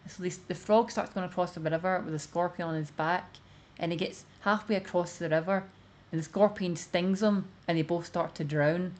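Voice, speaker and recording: A woman's voice: on the low side, fairly even intonation, moderate pace. A woman streamer giving casual commentary, rambling with lots of "like" as she explains her view. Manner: rambling, many fillers of "like".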